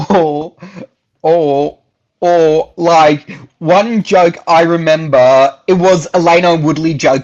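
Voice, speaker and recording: Rambling jokey man on a muffled line. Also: a little high. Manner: rambling, jokey, repeats himself. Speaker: guest. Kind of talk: casual chat.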